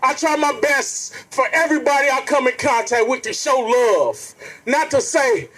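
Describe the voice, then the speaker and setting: A man's voice: very high-pitched, normal speed, pushed and bright, low-quality recording. A man speaking to an outdoor protest rally, earnest and preacherly, repeatedly calling out to the crowd. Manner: earnest, preacherly, keeps addressing the crowd directly. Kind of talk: impassioned protest speech.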